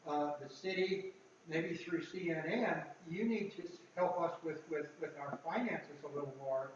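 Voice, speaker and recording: A man's voice: on the high side, normal speed, slight background noise. Guy talking thru a mask at a board meeting, echoey far off dull mic, keeps repeating words. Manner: muffled, speaking through a mask. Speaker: board member. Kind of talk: meeting discussion.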